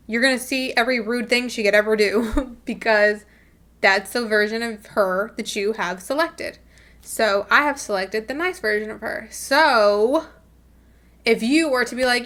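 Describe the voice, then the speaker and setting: A woman's voice: on the high side, normal speed, fairly bright tone. A young adult woman vlogging in a casual, chatty way, swearing freely and acting out quoted voices as she coaches her viewers. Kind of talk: casual talk to camera.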